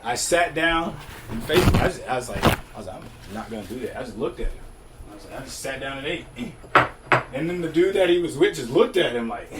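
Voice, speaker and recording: A man's voice: medium pitch, animated, brisk, heavy background noise. Laid-back young man telling stories. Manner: laid-back, laughs often, swears freely; acts out dialogue in shifting voices. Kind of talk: casual storytelling.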